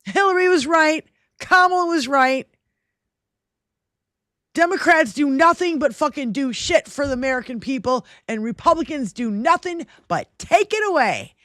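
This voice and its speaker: A woman's voice: high-pitched, animated, normal speed, a bit bright, no room sound, clean studio sound. A woman co-hosting a political livestream, swearing freely and ranting at trolls in the chat. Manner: profane, combative, ranting at trolls. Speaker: livestream co-host.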